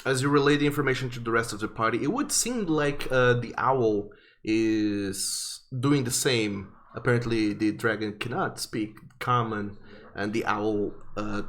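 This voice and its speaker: A man narrating as game master in a tabletop game, unhurried and with many fillers. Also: mid-range voice, fairly bright tone.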